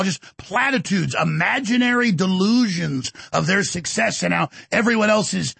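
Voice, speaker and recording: A middle-aged man, hosting a heated, mocking monologue and often shouting. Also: sits high, animated, normal speed, gravelly, few pauses, husky, dry recording. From Texas. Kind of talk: ranting monologue.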